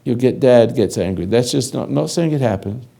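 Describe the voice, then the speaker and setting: An older man giving a slow, halting spiritual lecture, speaking directly to a listener in a commanding way. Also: medium pitch, expressive, vocal fry, warm tone. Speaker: spiritual teacher.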